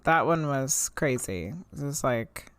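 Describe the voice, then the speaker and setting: An American woman hosting a podcast, chatting casually and quickly agreeing with her guests. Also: very deep voice, expressive, clear, resonant tone. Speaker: podcast host. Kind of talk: casual chat.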